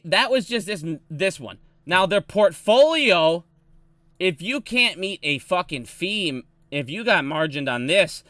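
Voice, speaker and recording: A man's voice: sits high, pushed and bright, dry recording, studio quality. Ranting profane man in his thirties. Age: 30s. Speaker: streamer. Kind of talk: ranting live stream.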